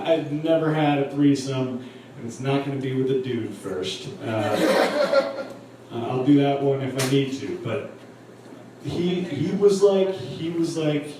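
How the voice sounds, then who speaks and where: A man's voice: a little high, slow. A young man doing stand-up, telling a profane, rambling story to a live crowd. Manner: crude, profane, rambling anecdote with laughs. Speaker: stand-up comedian. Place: comedy club stage. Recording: very echoey live room from a distance, crowd ambience.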